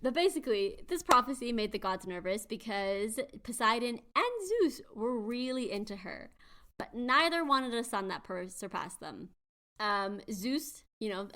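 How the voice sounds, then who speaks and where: A woman hosts a podcast in a medium-pitched voice that sounds pushed and bright. She chats animatedly while retelling myths, dropping in quiz-like asides along the way.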